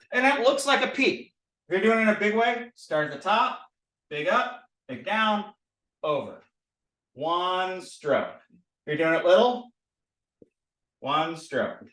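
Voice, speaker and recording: Lively man teaching in a roomy space. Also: sits high, recorded from a distance. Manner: playful, repetitive drilling, animated. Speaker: language teacher. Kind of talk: recorded lesson, drawing letters. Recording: roomy, a bit off-mic.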